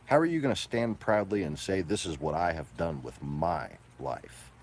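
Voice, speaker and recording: A man delivering a profane, combative ranting monologue, moving between low mutters and loud outbursts. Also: lively intonation, moderate pace, slight background noise.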